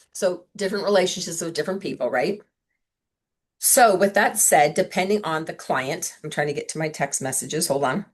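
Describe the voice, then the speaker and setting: A woman sales director giving a chatty, upbeat training talk to her team on a video call, full of asides and quick questions. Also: deep voice. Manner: chatty, upbeat, lots of "like" and "right?". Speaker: sales director coaching consultants.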